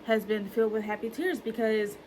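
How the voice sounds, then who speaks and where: A woman's voice: on the high side, fairly even intonation, fairly quick, darkish tone, a little hiss or hum, low-quality recording. A woman, talking in an earnest, emotional way in a personal reflection vlog, using plenty of fillers and repeating herself. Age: early 30s. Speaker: vlogger.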